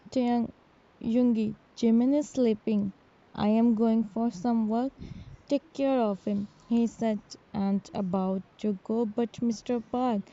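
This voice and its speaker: Woman, fan story reading, halting phrasing, names each speaker, slightly high voice, muffled lo-fi sound. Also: mellow. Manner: halting, reads character names before each line with simple, non-native English phrasing. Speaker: fanfiction reader. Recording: dull lo-fi recording.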